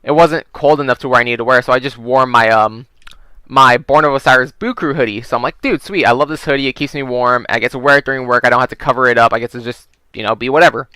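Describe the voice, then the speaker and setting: Young guy rambling thru a story while gaming, swears a ton, bright clear voice, dead dry mic. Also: medium pitch, steady tone, fast, dry recording. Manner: rambling, swears often, many "you know"s. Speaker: gaming video creator telling stories. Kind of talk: casual storytelling over gameplay.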